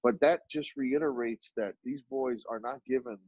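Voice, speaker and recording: Dallas guy guesting on a podcast, husky voice, tells stories with lots of voices, kinda muffled mic. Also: normal speed, no room sound. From Oak Cliff, Dallas, Texas. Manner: animated storyteller who acts out dialogue with sudden jumps in pitch. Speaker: podcast guest, artist and business owner. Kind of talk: storytelling in a conversational interview.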